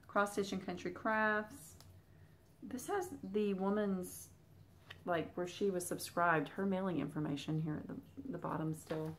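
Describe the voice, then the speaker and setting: A woman's voice: on the low side, a little hiss or hum. A young woman with a Southern US accent, chatting casually to her viewers as she unboxes and shows off old craft patterns. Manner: chatty, talks straight to viewers. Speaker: Flosstube vlogger. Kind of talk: casual chat while unboxing.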